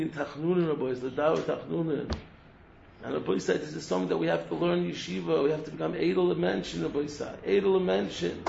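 A yeshiva teacher lectures his students in a slightly raised, gravelly voice, stumbling over repeated words and sprinkling in Hebrew terms. The recording sounds roomy and dull, like a lo-fi tape made in a hall. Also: fairly high pitch, darkish tone, slight background noise. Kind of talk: humorous ethical talk.

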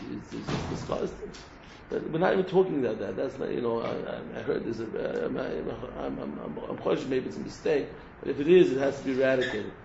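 A man's voice: mid-range voice, gravelly, a little mellow, slight background noise. A man, a yeshiva teacher, giving a humorous ethical talk to students. He repeats words and restarts often, mixing in Hebrew terms. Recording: roomy, dull lo-fi recording.

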